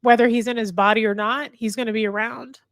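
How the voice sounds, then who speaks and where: A woman hosting a livestream, talking candidly and earnestly to her viewers, halting and restarting her sentences. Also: a little high, steady tone, dry recording, clean studio sound. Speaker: livestream host. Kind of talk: candid emotional talk to viewers. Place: indoor room with a fire.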